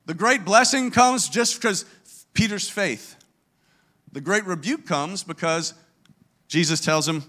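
A man's voice: a little high, moderate pace, sharp tone. A man preaching a sermon as pastor, emphatic and earnest, often restarting his words.

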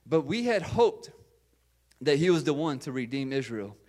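A man's voice: on the high side, big pitch swings, normal speed, a little mellow. A man preaching a sermon in an earnest way, often repeating phrases and restarting his sentences.

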